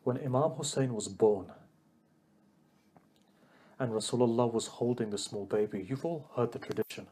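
A man's voice: mid-range voice, moderate pace, pauses often, mellow, breathy edge. A man delivering an emotional religious sermon, addressing the congregation directly and building to a raised, pleading delivery. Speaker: preacher.

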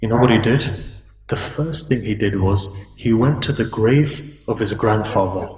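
A man preaching a sermon, telling a story and voicing its figures, rising to high, pleading peaks. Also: unhurried, a little mellow, slight background noise. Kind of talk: emotional religious sermon storytelling. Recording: echoey room, distant mic.

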